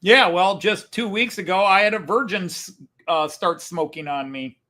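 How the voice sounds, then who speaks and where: A man's voice: sits high, moderate pace, bright, forceful tone. A man co-hosting a live stream, chatting and joking casually.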